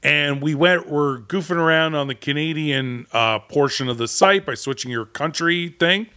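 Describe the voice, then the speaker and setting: A man's voice: on the high side, normal speed, sharp tone. A man co-hosting a collectors' show, chatting casually and talking through his guesses at length. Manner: chatty, explains and speculates at length. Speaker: co-host of a collector channel. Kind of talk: casual chat.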